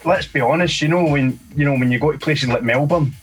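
Rambling Scottish man, fairly high voice. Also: a little fast, soft background music, rough recording. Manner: rambling, peppered with "mate" and "you know". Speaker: DJ and producer guest. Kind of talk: casual interview chat.

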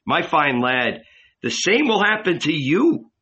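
A man's voice: on the high side, very animated, a little slow, pushed and bright, husky, highs cut off, voice pushed up, exaggerated voice. A man voicing a weary older man who speaks earnestly and ruefully of his own youth. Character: weary older man who once tried to save the world. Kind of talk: audiobook reading.

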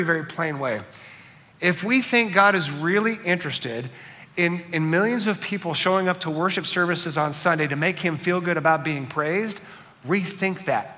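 A man preaching a sermon in a conversational, animated way, acting out quotes in other voices. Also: high-pitched, long reverb tail. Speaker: pastor.

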